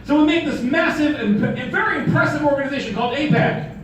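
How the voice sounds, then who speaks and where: A high-voiced man delivers a sermon, mixing light stories with rhetorical questions. He is recorded from a distance in a very echoey hall, with faint noise behind him. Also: fast. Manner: storytelling with humor and rhetorical questions. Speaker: rabbi.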